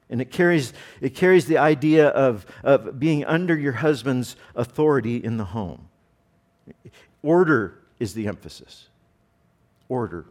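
A middle-aged man delivers a sermon in an earnest, explaining way. He often restarts and repeats words mid-thought. His voice sits at an ordinary middle pitch. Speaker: pastor.

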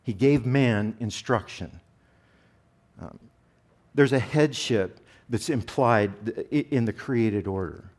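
A middle-aged man delivers a sermon in an earnest, explaining way. He often restarts and repeats words mid-thought. His voice sits at an ordinary middle pitch. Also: slow, long pauses, a little mellow. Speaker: pastor.

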